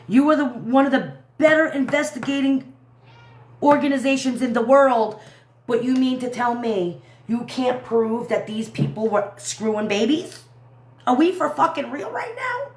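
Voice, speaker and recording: A woman delivers a heated live commentary. She swears freely and breaks off mid-sentence to start over. Her voice sits at a middling pitch and rings in a roomy, echoing space. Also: a little hiss or hum. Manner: heated, ranting, swearing, trailing off and restarting. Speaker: livestream host.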